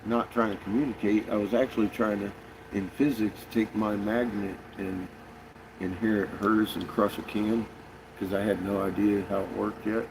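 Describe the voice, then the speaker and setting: A man's voice: on the low side, steady tone, moderate pace, noisy background. A man talking casually in a rambling monologue, swearing often and restarting his sentences. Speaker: conspiracy vlogger.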